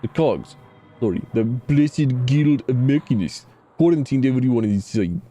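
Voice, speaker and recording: Gruff menacing Scottish camp leader, male, bossy and curt, voiced by a man. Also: medium pitch, lively intonation, measured pace, dark tone, soft background music, voice pushed up. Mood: grim. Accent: put-on Scottish. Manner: stern, threatening, clipped.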